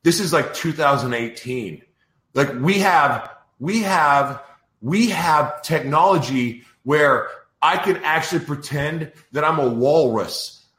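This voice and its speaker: A man's voice: fairly high pitch, animated, takes it slowly, a bit bright, reverberant. A man hosting a podcast in a casual live-stream chat, exasperated and ranting over technical trouble. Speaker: podcast host.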